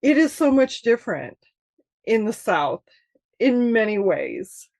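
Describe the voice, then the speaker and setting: A woman from Michigan chatting as an author guest in an interview, animated and laughing often as she tells stories. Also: fairly high pitch, slow pace, no room sound. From Michigan, USA. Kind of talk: casual interview chat.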